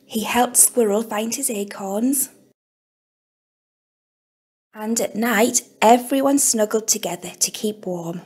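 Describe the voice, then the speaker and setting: Slow, gentle woman reading a picture book. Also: fairly high pitch, slightly rough. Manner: gentle, unhurried storytelling. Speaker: early years teacher.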